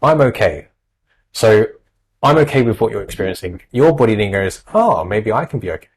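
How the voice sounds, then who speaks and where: A man's voice: fairly low pitch, animated, moderate pace, slightly rough, low-quality recording. A man, an anxiety specialist, giving earnest, reassuring advice in a podcast conversation, with lots of fillers.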